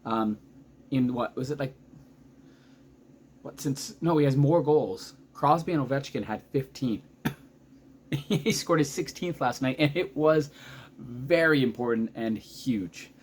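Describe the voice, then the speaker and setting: A man in his thirties giving a casual, excitable recap of a hockey game as a vlogger, chatty and often losing his thread. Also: medium pitch, unhurried, long pauses, slight background noise. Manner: excitable, chatty, loses track mid-sentence.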